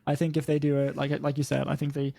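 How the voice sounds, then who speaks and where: A man's voice: a little high, fast, vocal fry. Casual co-host chat, young man with a lightish voice, rambles and does goofy voices. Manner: rambling, animated, slips into mock voices. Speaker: podcast co-host. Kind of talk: casual chat about video games.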